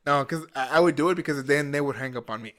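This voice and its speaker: Laid-back young man, bright voice. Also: on the high side, quick pace. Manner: laid-back, swears freely, storytelling. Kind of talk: casual chat.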